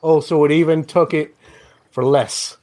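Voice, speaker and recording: A man's voice: fairly high pitch, fairly even intonation, unhurried, mellow, voice pushed up, natural voice. A man voicing a curt male town official in a tabletop game. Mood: matter-of-fact.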